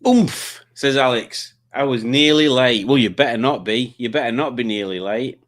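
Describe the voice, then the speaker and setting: A man's voice: medium pitch, moderate pace, a bit bright. A man hosting a live quiz stream, chatting casually and teasing, with many stumbling restarts. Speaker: livestream host. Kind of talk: casual chat reading comments.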